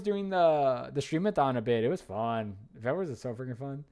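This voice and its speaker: A man chatting casually in a relaxed way while streaming a video game. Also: medium pitch, fairly quick, slight background noise. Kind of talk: casual let's-play chat. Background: game music.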